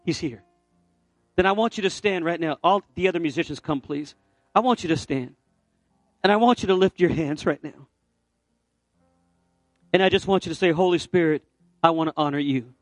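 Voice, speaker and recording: A man's voice: sits high, normal speed, pauses often, no echo, faint music behind. A middle-aged man preaching, telling a personal story and then leading a fervent altar call. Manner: storytelling, building to fervent exhortation. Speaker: pastor. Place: church sanctuary.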